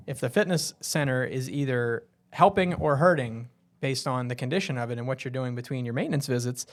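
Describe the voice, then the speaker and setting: A man hosting a casual live show, chatty and teasing, often laughing. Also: mid-range voice. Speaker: host.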